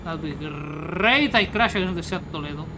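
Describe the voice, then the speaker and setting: Tipsy woman chatting on stream, cursing lots, loud truck game hum underneath. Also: deep voice, expressive, moderate pace. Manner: rambling, swears often. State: tipsy from beer. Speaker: livestreamer. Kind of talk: casual gaming stream chat. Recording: game engine noise behind voice. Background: truck driving game sounds.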